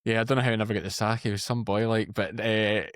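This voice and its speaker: A Scottish man in his thirties, a podcast guest telling lively anecdotes in casual chat. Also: on the low side, fast, dry recording. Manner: chatty, animated anecdotes. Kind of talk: casual storytelling.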